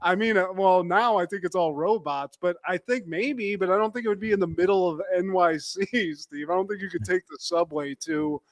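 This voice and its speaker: A man's voice: high-pitched, no echo. Joking man in casual podcast chat. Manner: joking, animated, quick asides to his co-host. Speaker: podcast co-host.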